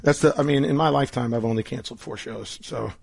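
A man, a musician being interviewed at his house, his voice raspy and hoarse from a vocal cord injury, rambling and laughing often. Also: medium pitch, fast talker, no echo. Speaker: musician guest. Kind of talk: casual interview chat.

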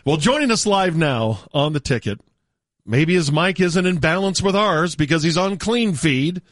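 A man's voice: fairly high pitch, lively intonation, normal speed, a bit bright, no echo. A man hosting morning radio, joking around and laughing often. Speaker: radio host.

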